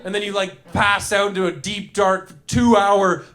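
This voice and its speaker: A man's voice: sits high, fairly even intonation, measured pace, fairly bright tone. A man doing live stand-up in a comedy club, rambling and riffing with the crowd, acting out little voices in his bits. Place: comedy club stage before a laughing crowd.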